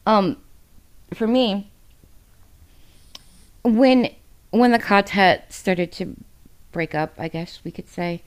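A woman's voice: medium pitch, takes it slowly, pauses often, smooth. Candid, profane woman podcast co-host. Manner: candid, emotional and heavy on profanity; rambling, with many fillers. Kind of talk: casual book discussion.

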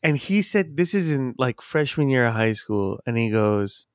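A man hosts a casual podcast chat in a playful, easygoing way. His voice is smooth and resonant, and the sound is dry and close with little room echo. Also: medium pitch, expressive, moderate pace. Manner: chatty, laughs easily, playful. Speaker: podcast host.

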